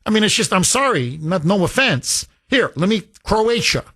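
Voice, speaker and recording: Emphatic talk radio host, dry studio. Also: male voice, high voice, sing-song, fairly bright tone, dry recording. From United States. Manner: emphatic, rhetorical questions in quick runs.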